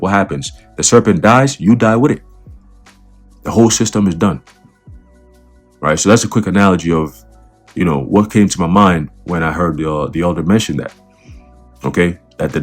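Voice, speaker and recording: A man giving casual religious and political commentary in a conversational way, repeating words and checking in with the listener. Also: sits low. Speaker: online commentator.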